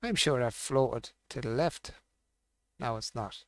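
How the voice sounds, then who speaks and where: A gaming streamer plays a fishing game live, thinking aloud and muttering to himself in casual commentary. His voice is medium-pitched and slow, with no echo.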